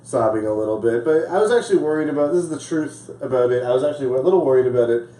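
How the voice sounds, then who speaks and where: A man's voice: medium pitch, expressive, very fast, mellow, reverberant, recorded from a distance, low-quality recording. A man hosting a talk show in casual chat, laughing often and talking loosely. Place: small room with live audience.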